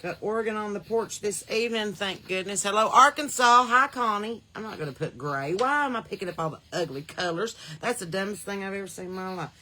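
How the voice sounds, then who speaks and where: Bright-voiced Southern woman chatting on a porch. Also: medium pitch, fairly quick, few pauses. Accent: Southern American. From American South. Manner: folksy, chatty, laughs often, swings loud and soft. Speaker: podcast host. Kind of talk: casual livestream chat. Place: outdoors on a porch. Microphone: phone on a holder.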